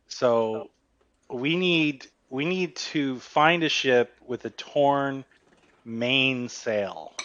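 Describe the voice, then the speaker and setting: A man playing a tabletop game who puts on a Brooklyn accent for his character and talks with many pauses and restarts. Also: mid-range voice, fairly bright tone, no room sound, lo-fi sound. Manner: hesitant, many ums and restarts. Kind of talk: casual game chat, partly in character.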